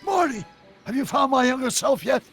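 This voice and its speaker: An actor playing an eccentric older male scientist in a video game, animated and full of technical talk. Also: extremely high pitch, normal speed, heavily acted. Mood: fond. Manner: animated, talks in long technical run-ons. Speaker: time-travelling inventor. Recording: video game audio with faint background music.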